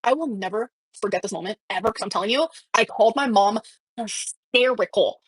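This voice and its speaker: Fast-talking woman streamer, dry sound. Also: medium pitch, breathy edge, no room sound. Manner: rambling, emotional storytelling with many fillers. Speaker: livestreamer. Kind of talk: casual livestream chat.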